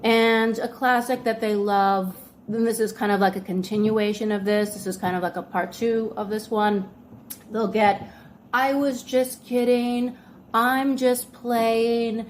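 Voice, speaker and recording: A woman's voice: medium pitch, fairly even intonation, moderate pace, slight background noise. A woman hosting a video, explaining in a casual, conversational way with many fillers and acting out example lines. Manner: conversational, filler-heavy, acts out example dialogue. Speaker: video host.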